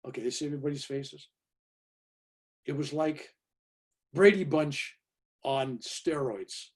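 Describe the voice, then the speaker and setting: Husky 70-something guy, kinda high voice, telling his story all animated on a video call. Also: a little slow. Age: 70s. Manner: emphatic, lively, tag questions. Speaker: guest speaker.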